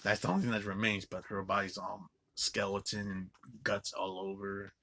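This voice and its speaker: A man giving a casual, rambling movie review, swearing a lot and filling every pause with filler words. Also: sits low, steady tone, bright, forceful tone. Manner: rambling, profane, filler-heavy with frequent "like".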